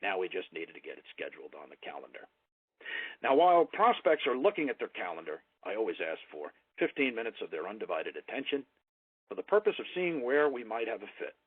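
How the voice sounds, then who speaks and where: A man coaching sales calls, with a lively voice that rises and falls to stress key words. His voice is a little husky and comes through a tinny, phone-like line with no room echo. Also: on the low side, brisk. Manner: emphatic voice inflection, coaching tone. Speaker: sales trainer. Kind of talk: instructional talk.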